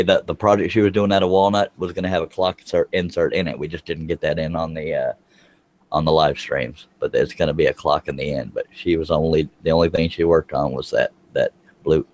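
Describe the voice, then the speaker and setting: A man's voice: a bass voice, steady tone, fairly quick, a little mellow. A man, chatting on a live stream as a guest woodworker, rambling and correcting himself as he goes. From Texas. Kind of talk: casual live-stream chat. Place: home, smoking while talking.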